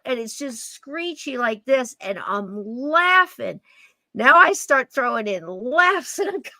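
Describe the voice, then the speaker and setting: A woman hosting a podcast, telling a story in a lively way and laughing as she goes. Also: a little high, no echo. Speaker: podcast host. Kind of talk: animated storytelling.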